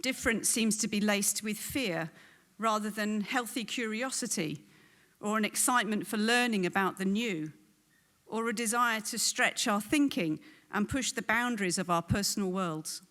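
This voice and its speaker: A woman from England with a southern English accent, giving an earnest prepared welcome speech as event host, pausing on frequent ums. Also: medium pitch, fairly bright tone. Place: event venue hall.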